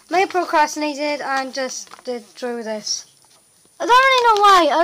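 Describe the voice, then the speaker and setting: A woman's voice: high voice, a bit bright, slight background noise, rough recording. A young woman, chatting in a rambling, flustered vlog with lots of filler words. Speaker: vlogger. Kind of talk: casual vlog chat.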